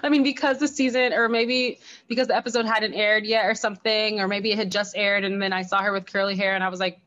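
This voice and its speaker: A woman co-hosting a podcast in casual recap chat, animated and emphatic with quick asides. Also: mid-range voice, muffled recording. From not from New York. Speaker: podcast co-host.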